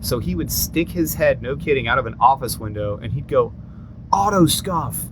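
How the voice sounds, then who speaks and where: Animated male storyteller over background noise. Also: mid-range voice, brisk. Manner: animated storyteller who acts out other people's lines. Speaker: podcast co-host. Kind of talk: casual chat, storytelling.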